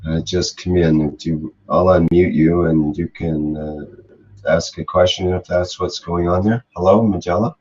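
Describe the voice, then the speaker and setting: Deep-voiced man moderating a video call. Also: steady tone, unhurried, darkish tone. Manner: hesitant, filler-heavy. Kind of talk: online meeting moderation. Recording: dull lo-fi video call audio.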